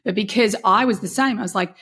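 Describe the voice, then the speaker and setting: Gushing, husky-voiced woman host. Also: mid-range voice, quick pace, fairly bright tone. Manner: gushing, enthusiastic, emphatic. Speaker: podcast host. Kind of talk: podcast intro and interview.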